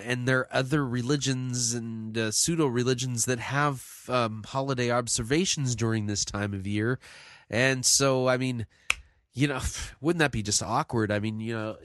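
A man at a medium pitch talks through a casual solo commentary, wandering off on tangents with sighs, fillers and restarts. He leans hard on single words when he wants to make a point. The sound is close and dry, with no room around it. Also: fairly bright tone, no room sound. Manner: rambling, sighing, full of fillers and restarts; emphatic, punching single words. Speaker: podcast commentator.

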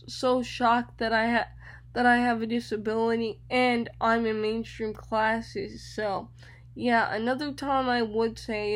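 A young woman with a fairly high voice hosts a radio show. She tells personal stories in an animated way, often repeats her words, and acts out the voices of the people in them.

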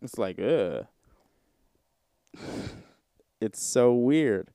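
Young dude rambling on his podcast, swears a lot, bouncy up-and-down delivery, smooth voice, dead dry sound. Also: medium pitch, expressive, drawn-out words, dark tone, dry recording. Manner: rambling, slangy and profane. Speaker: podcast host. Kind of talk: casual podcast chat.

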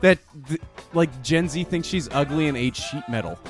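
A man's voice: on the high side, moderate pace, soft background music. A man co-hosting a podcast, chatting casually, swearing and laughing often. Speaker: podcast co-host. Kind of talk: casual chat.

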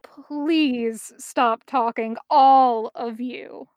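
A woman voicing a calm young male team leader who sounds firm and tired. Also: very high voice, slow, no room sound. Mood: weary.

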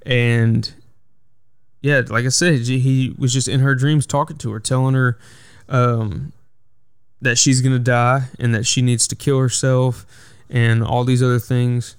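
A man's voice: mid-range voice, little pitch movement, unhurried, smooth, no room sound, studio quality. A man hosting a solo podcast, telling a work story in a rambling way with lots of fillers. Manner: rambling, filler-heavy retelling. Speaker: podcast host. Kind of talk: casual storytelling monologue.

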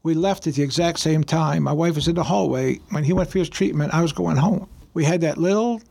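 A man who is a pastor, telling a personal story on a radio show in an earnest, halting way with many restarts. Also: fairly high pitch, darkish tone. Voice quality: gravelly, husky voice.

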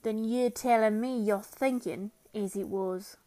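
A woman's voice: mid-range voice, a little slow, lightly acted. A woman voicing a weary, level-headed frontier man who talks in a rustic dialect. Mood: resigned. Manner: rustic dialect, flat and reasoning.

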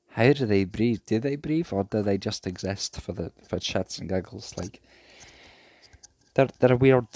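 A man's voice: fairly low pitch, a little mellow. A young man, ranting casually and cheekily in a solo podcast from his bedroom. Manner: rambling, sweary, cheeky. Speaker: podcast host.

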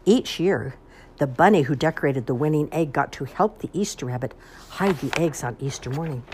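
A woman reading a children's picture book aloud in an expressive, sing-song way. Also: deep voice, moderate pace, husky. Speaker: storyteller. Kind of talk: children's storybook read-aloud.

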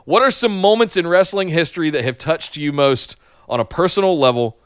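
Male podcast co-host, smooth clear voice, thoughtful and a bit hesitant, dry close mic. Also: on the high side, a little fast, no room sound. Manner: reads listener questions, thoughtful and hesitant. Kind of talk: casual podcast chat.

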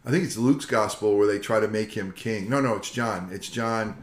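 An older man, a pastor co-hosting a casual Bible discussion, telling the stories in a lively folksy way and acting out the quotes. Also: on the low side, moderate pace. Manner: animated storyteller, acts out quotes, folksy. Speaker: pastor and co-host. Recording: echoey room.

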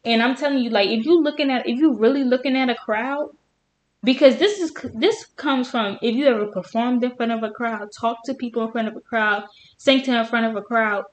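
Woman co-host, casual chat, argues her point with lively storytelling. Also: on the high side, fairly quick. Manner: opinionated, animated storytelling. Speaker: podcast co-host.

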